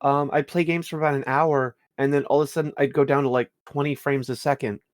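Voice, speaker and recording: A man's voice: medium pitch, fairly even intonation, fast, no echo, clean studio sound. A young man on a podcast, casually telling a rambling gaming story full of fillers and restarts. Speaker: podcast co-host. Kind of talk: casual storytelling about a game.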